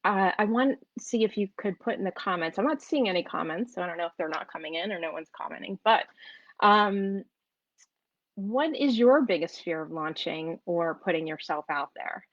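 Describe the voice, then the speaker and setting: A woman's voice: fairly low pitch, lively intonation, moderate pace, dry recording. Jersey/ny accent lady chatting on a livestream, lots of restarts, dry slightly dull sound. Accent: New York and New Jersey. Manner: chatty, storytelling, many restarts. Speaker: online business coach. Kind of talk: live-streamed casual talk.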